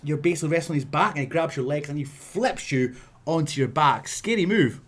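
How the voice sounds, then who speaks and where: Scottish man in his 30s, ex-wrestler host, lively yarn-spinner, voice sits a bit high. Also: a little fast, slight background noise. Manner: animated, laughing, punchy sound effects. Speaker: wrestler telling a story. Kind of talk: casual storytelling vlog.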